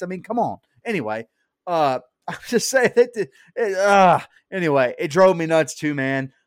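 A man co-hosting a podcast, reviewing a horror movie in casual chat, animated and swearing often. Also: a little high, dry recording, studio quality. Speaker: podcast co-host.

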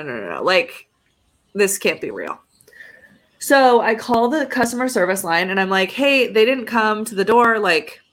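A young adult woman co-hosting a podcast tells a story in casual conversation, acting out both sides of phone calls in a mid-range, slightly bright voice.

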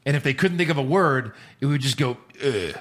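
A middle-aged man co-hosts a podcast in easy, chatty conversation. He talks with animation and slips into silly voices to make a point, at an ordinary pitch for a man. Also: fast talker. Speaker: podcast co-host. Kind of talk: casual chat.

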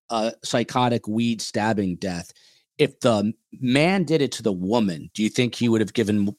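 A man's voice: on the low side, a little mellow, dry recording. A man hosting a podcast in casual chat, joking and reading out viewer comments, a bit out of breath. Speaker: podcast host.

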